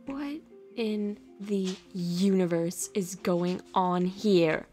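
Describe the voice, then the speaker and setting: A woman's voice: mid-range voice, takes it slowly. Woman, gaming channel host, chatty and gushing, easily thrilled, faint background music. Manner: gushing, excitable, talks to her game horses. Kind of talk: casual game commentary.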